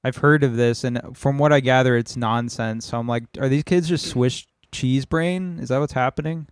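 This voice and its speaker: A man co-hosts a podcast, chatting casually in a laid-back, joking way. His voice is medium-pitched, clear and resonant at a moderate pace, recorded in a clean studio with no room sound.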